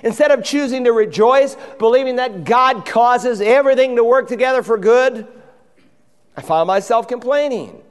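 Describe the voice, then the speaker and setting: A man's voice: very high-pitched, moderate pace, clean tone, long reverb tail. A man preaching a sermon from a church pulpit, driving his points home and acting out the voices in the stories he tells. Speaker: pastor. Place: church sanctuary.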